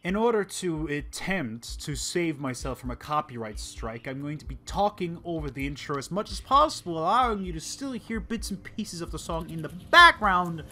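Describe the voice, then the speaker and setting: A man hosting a let's play, rambling through excitable, sarcastic gameplay commentary. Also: a little high, moderate pace, few pauses. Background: faint game music.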